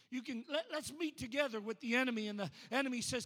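A preacher with a very high-pitched, husky voice. He delivers a sermon that swells into loud, rhythmic preaching. The sound rings with long reverb from a church sanctuary. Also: fast talker, few pauses. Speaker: pastor.

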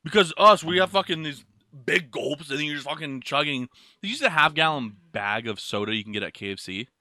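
A man chats casually on a podcast, riffing bluntly and swearing nonstop. His voice sits a touch high and swings up and down a lot. It sounds bright and forward, recorded close and dry. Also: expressive, fairly quick, no echo. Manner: blunt, swears constantly, riffs loudly. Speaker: podcast co-host. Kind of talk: casual chat.

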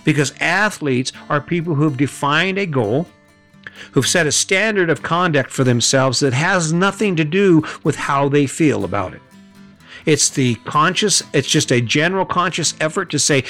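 A man's voice: fairly high pitch, moderate pace, fairly bright tone, faint music behind. A middle-aged man hosting a podcast, giving a blunt motivational monologue full of rhetorical questions and swearing. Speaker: podcast host.

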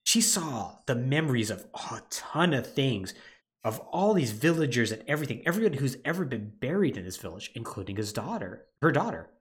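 A man's voice: mid-range voice, fairly quick. A man co-hosting a podcast, recapping a plot in a casual chat and laughing often. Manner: animated storytelling recap with laughter. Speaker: podcast co-host.

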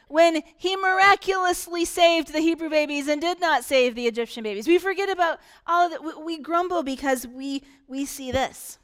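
Woman pastor, high voice, animated, repetitive sermon delivery in church. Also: normal speed. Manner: animated preaching with emphatic repetition.

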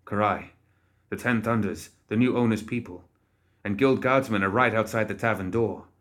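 A man's voice: on the low side, moderate pace, fairly bright tone, close to an everyday voice. A man reading the lines of an anxious one-eyed young man who sounds worried and pleading.

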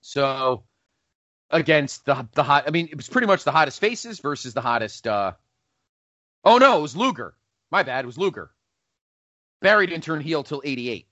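A man's voice: fairly high pitch, normal speed, pauses often, no echo, muffled recording. A man hosting a casual podcast countdown, rambling and correcting himself as he goes. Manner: rambling, self-correcting, animated. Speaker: podcast host.

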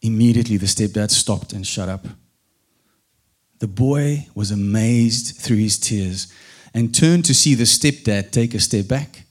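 A man calmly narrating a fairy-tale story, unhurried, with small restarts. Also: fairly low pitch.

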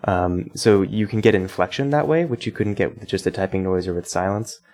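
A man in a casual game discussion, talking in a steady, upbeat way. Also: sits low, a little fast. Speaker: podcast panelist.

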